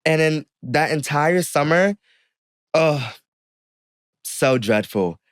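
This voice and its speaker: In a studio-quality recording with no echo, a young man speaks slowly in a smooth, fairly high voice. He's a podcast guest telling a personal story in casual conversation, animatedly acting out the people he quotes.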